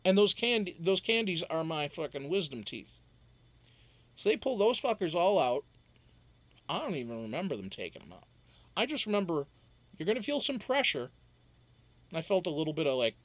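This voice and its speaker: A man's voice: a little high, a bit bright. A man hosting a live stream, telling a rambling, profane story and answering chat casually. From Wisconsin.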